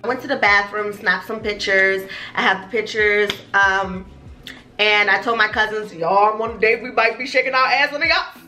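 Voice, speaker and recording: A woman's voice: medium pitch, normal speed, roomy sound. A young woman vlogger telling a story to camera in a casual, cursing manner, acting out the people in it. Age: young adult. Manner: animated, cursing, acts out voices. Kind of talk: storytime vlog.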